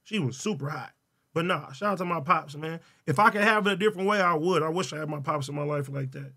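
A man hosting a solo livestream, talking loud and profane with frequent laughter. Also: on the high side, quick pace, gravelly. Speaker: livestream host. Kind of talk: casual solo livestream chat.

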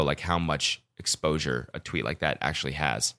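A man's voice: rumbling low, sing-song, moderate pace, gravelly, hardly any pauses, a bit bright. A young man hosting a podcast, ranting casually with profanity and self-mocking storytelling. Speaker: podcast host. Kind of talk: casual solo podcast rant.

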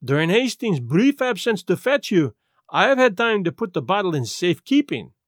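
A man voicing a small, placid detective who speaks gently and precisely. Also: high voice, big pitch swings, normal speed, no echo, clean studio sound.

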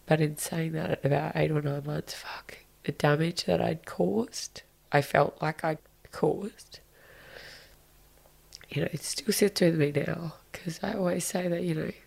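A podcast guest in her thirties talks with feeling and candor, confessing things, cursing occasionally, and at times dropping to a whisper. Her low voice is gravelly, a little mellow, and breathy, with a steady tone and a measured pace.

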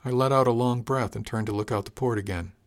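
A man narrating a story in the first person, in a measured, reflective manner. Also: mid-range voice, fairly even intonation. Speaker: audiobook narrator.

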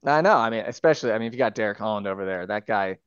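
A man's voice: fairly low pitch, lively intonation, racing, clear, resonant tone, no room sound, lo-fi sound. A man guest co-hosting a baseball show, talking in an enthusiastic, rambling way. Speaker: guest co-host. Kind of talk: casual sports talk.

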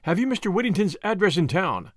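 A man's voice: high voice, big pitch swings, quick pace, no room sound, clean studio sound, voice pushed up. A man voicing a brash, generous young American with an American accent and breezy, confident slang. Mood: recounting.

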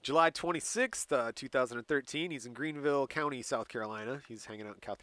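A podcast co-host chats casually, telling a story date by date and laughing often as he recounts events. His mid-range voice is fast and a bit bright, and there is no room sound.

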